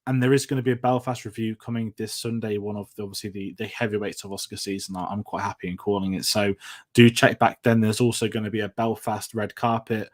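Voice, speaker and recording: A man's voice: lowish voice, flat delivery, fast talker. A man hosting a film review show, chatting casually and running through upcoming content. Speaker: film review podcast host. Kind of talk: casual chat.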